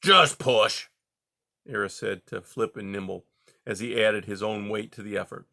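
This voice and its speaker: A man narrating a children's novel in a steady, measured reading style. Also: fairly low pitch, vocal fry. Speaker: audiobook reader. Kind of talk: storybook narration.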